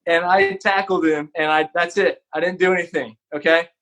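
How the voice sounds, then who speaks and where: A man's voice: on the high side, fairly even intonation, normal speed, a bit bright. A man from Texas, a podcast guest, telling an earnest, candid story in a casual, conversational way.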